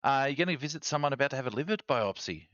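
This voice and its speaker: Australian male streamer host, casual chatty delivery, very animated pitch, dry dull mic. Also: racing, no echo. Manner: chatty, reads chat aloud, animated rants. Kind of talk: casual live-stream chat.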